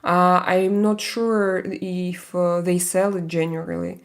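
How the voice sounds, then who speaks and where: Slow, halting woman with a Russian accent. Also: on the low side, flat delivery. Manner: hesitant, halting with many fillers, laughs often. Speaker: live streamer. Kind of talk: casual live-stream chat, answering viewer comments.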